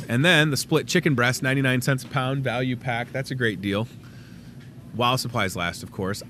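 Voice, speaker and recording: A man's voice: mid-range voice, pushed and bright, a little hiss or hum. A man hosting a casual store talk show, running through weekly deals with goofy, self-mocking chatter. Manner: goofy and chatty, jokes at himself.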